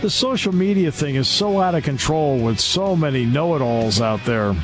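A man's voice: on the high side, animated, moderate pace, music in the background. A man hosting a talk radio show in a studio, delivering an opinionated, sarcastic and scolding monologue.

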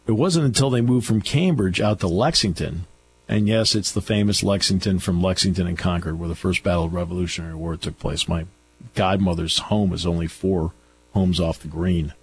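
In a radio studio, a deep-voiced, middle-aged talk show host chats casually and briskly, restarting sentences as he tells his stories, with a bit of noise in the background.

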